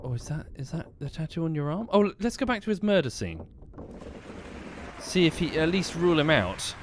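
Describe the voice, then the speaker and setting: A man's voice: a little high, sing-song, brisk, a little hiss or hum. A man streaming a game, thinking aloud and questioning the characters on screen. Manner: musing aloud, talking to characters. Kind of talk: live game commentary.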